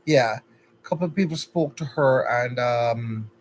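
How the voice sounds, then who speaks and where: A man's voice: mid-range voice, measured pace, slight background noise, poor audio. A man with a Jamaican accent hosting a casual livestream, chatty and upbeat, greeting viewers one by one by name. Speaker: livestream host.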